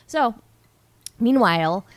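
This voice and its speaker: A woman's voice: fairly high pitch, animated, takes it slowly, no room sound. Playful sweary woman podcast co-host. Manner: playful, sweary, quotes the characters. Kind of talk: casual chat recapping a film.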